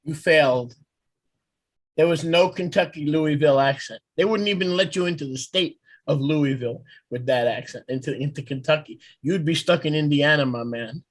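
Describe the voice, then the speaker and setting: A man leads a meeting with a slightly raised pitch, teasing his companions in playful banter. He jokes freely as he teaches. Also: moderate pace, no echo. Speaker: congregation leader.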